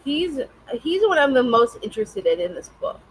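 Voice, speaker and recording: Giggly higher-voiced woman host. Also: sing-song, moderate pace, breathy edge, poor audio. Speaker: podcast host. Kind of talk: casual chat about books.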